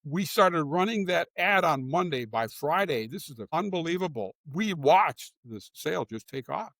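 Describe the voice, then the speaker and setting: Older man telling stories, higher voice. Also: expressive, normal speed, vocal fry, a bit bright, no echo. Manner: storytelling with frequent restarts. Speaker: guest, former executive. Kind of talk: conversational interview.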